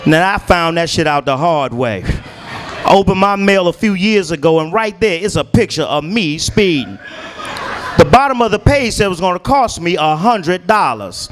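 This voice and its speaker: A middle-aged man from Washington, D.C., doing a stand-up comedy set in a loud, punchy, profane way. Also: sits high, expressive, moderate pace, soft background music. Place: comedy stage.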